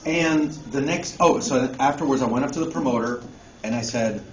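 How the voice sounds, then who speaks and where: A man's voice: medium pitch, normal speed. Guy telling a funny story at a con panel, laughs a lot, swears, muffled echoey phone recording with room noise. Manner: animated storyteller who laughs often and swears casually. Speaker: musician guest speaking at a convention panel. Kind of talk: casual anecdote told to a live audience. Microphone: phone recording from the audience.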